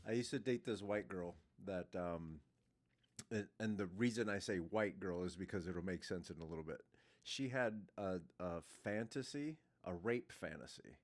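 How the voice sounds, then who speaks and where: A male podcast host in casual chat, joking bluntly and trading quick banter. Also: low voice.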